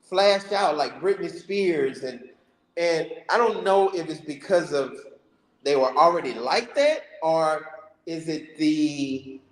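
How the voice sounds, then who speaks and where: A man telling a story over a video call in a casual, animated way. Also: slow pace, reverberant, poor audio. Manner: animated, rises to high voices when quoting.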